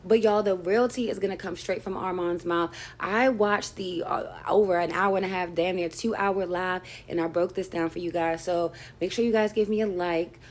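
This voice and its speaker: A woman's voice: lowish voice, steady tone, normal speed, few pauses. A woman hosting a commentary channel, recapping gossip in a chatty, sassy way full of fillers.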